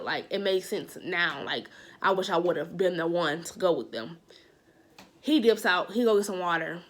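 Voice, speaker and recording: Animated woman telling a storytime. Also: mid-range voice. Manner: animated, repeating phrases for emphasis; heavy use of "like" as a filler. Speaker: vlogger. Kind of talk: casual storytime monologue.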